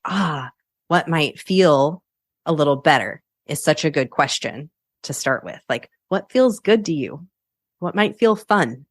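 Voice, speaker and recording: A woman's voice: sits low, no room sound, studio quality. A woman hosting a solo coaching podcast, chatty and upbeat, laughing often as she talks.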